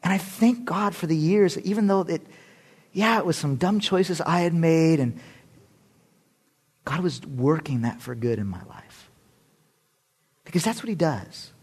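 A male pastor preaching a storytelling sermon in an animated, conversational way, with self-deprecating humor. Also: fairly high pitch, unhurried, long pauses, breathy edge.

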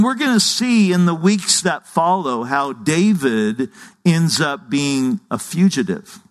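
A man's voice: high-pitched, a bit bright. A middle-aged man preaching a sermon, earnest and conversational, often restarting his sentences. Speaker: pastor. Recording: long hall reverb.

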